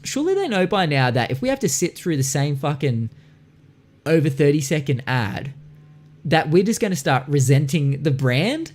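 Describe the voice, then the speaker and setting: Young male host, casual podcast chat, very lively pitch, lots of swearing. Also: normal speed. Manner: swears often, animated, slips into mocking quoted voices.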